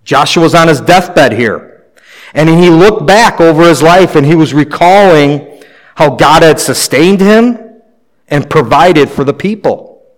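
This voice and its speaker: A pastor preaching a sermon in a conversational way, with light humor. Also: male voice, on the high side, lively intonation, a little slow, rough recording.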